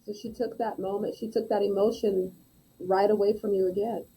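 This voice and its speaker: A woman hosting a podcast interview, asking gentle probing questions and affirming her guest. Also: medium pitch, level tone, normal speed, a little hiss or hum, low-quality recording. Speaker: podcast host.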